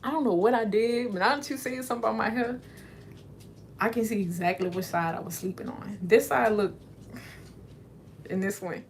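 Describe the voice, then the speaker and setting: A woman's voice: mid-range voice, normal speed, long pauses, a little hiss or hum. Chatty young woman answering her stream. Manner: rambling, loose and chatty with many fillers; reads viewer questions aloud and answers them. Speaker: livestream host answering chat. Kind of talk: casual chat.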